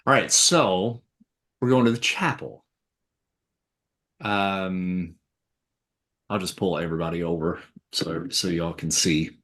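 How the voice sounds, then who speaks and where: Slow-talking male game master, low voice. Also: steady tone, fairly bright tone. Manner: slow, laughing, voices gruff characters. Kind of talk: narrating a tabletop game.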